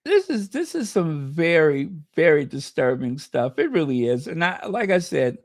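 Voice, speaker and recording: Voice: mid-range voice, very animated, moderate pace, no echo, clean studio sound. An American host giving impassioned, emphatic livestream commentary and reading viewer comments aloud. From United States. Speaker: channel host.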